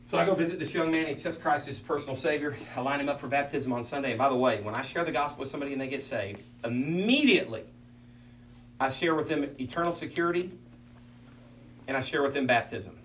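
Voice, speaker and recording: Speaking fast in a slightly bright, medium-pitched voice, this pastor shares folksy anecdotes with other ministers. Many "I mean" asides pepper his talk, and he performs the voices he quotes. It's recorded from a distance in a roomy space with a faint hum underneath.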